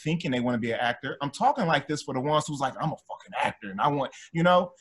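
A man who coaches spirituality, talking in a casual chat, amped and animated, laughing often. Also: fairly high pitch, quick pace, breathy edge. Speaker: spiritual coach and former actor.

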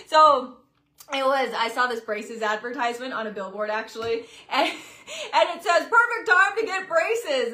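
A woman in her late twenties speaks straight to her followers in a loose, chatty way. Her voice is bright and forward, sitting a little high for a woman, and she slips into quick acted-out lines of what she once thought. The feel is a relaxed personal vlog. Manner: chatty and expressive, acts out her own past reactions. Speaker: social media creator. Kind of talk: casual talking-to-camera vlog.

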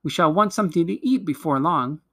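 A man's voice: on the high side, expressive, a little fast, a bit bright. Man doing a sensible older schoolgirl.

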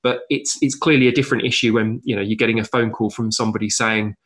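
A man's voice: fairly low pitch, steady tone, fast, a bit bright. A man from southern England co-hosting a language podcast, talking casually with many fillers. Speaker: podcast co-host. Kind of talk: casual discussion.

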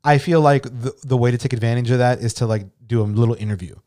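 A man's voice: mid-range voice, fast, a little mellow. A man co-hosting a podcast in casual, rambling chat with some swearing. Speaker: podcast co-host.

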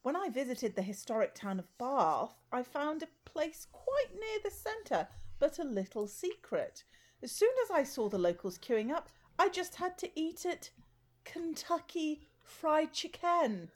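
A woman's voice: high voice, sing-song, a little slow. A woman playing a snobbish, condescending posh woman in a comedy sketch, with a plummy, affected delivery. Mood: smug.

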